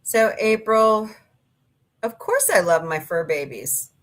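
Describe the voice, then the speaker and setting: A woman's voice: mid-range voice, animated, slow pace, fairly bright tone. A middle-aged woman hosting a casual livestream, chatting and rambling through stories with her live chat. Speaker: livestream host.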